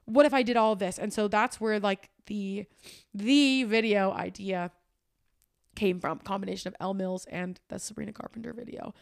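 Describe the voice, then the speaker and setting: A woman's voice: mid-range voice, gravelly. A young woman in her twenties hosting a solo podcast, candid and tearful, swearing freely and speaking with emphasis. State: crying at times. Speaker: podcast host. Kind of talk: personal, emotional solo podcast talk.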